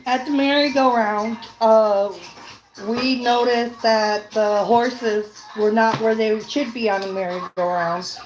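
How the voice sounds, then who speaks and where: A woman who plays in a tabletop game and slowly recalls what happened, in a hesitant, casual way. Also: fairly high pitch, steady tone. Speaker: player recalling her character. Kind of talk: casual podcast recap. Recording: echoey room with clear background noise.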